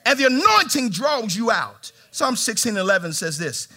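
A man preaching a sermon in a church, animated, with swings from shouts to hushed tones and humor aimed at the congregation. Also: sits high, moderate pace. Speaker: pastor. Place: church sanctuary.

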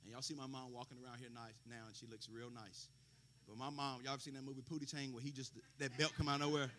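A man's voice: mid-range voice, level tone, fast talker, bright, forceful tone, slight background noise. A man preaching a sermon, quoting scripture with folksy asides and rising fervor. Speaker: pastor.

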